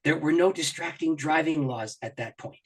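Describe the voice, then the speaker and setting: A man's voice: on the high side, normal speed, slightly rough. A middle-aged man, a pastor and author, telling personal stories as an interview guest, acting out his own thoughts and laughing often. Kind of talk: animated personal storytelling in an interview.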